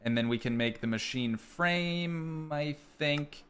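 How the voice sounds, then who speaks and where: A young American man streaming a game, chatting casually with viewers and thinking out loud as he plays. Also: a little high, takes it slowly, smooth. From United States. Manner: rambling, thinking aloud, talking to chat. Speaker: gaming streamer. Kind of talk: casual live gameplay chat.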